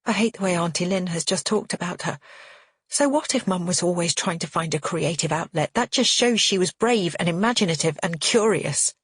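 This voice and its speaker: A woman narrates a thriller audiobook in first person with a lowish, husky voice. Her delivery is measured and earnest. The recording is dry and close to the mic. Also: fairly bright tone, no echo.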